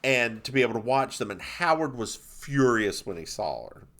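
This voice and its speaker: Young male podcast co-host, chatty recap, bright tone and lively, bouncing pitch. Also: moderate pace. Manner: playful, giggly, mock-dramatic retelling. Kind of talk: casual chat recapping a TV episode.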